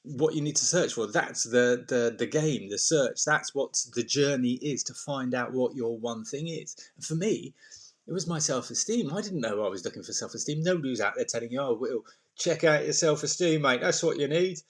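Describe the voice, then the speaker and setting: A man talks straight to camera as a self-esteem coach. His delivery is chatty and animated, full of asides and playful put-on voices. His voice sits at an ordinary middle pitch. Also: moderate pace. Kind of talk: casual talk to camera.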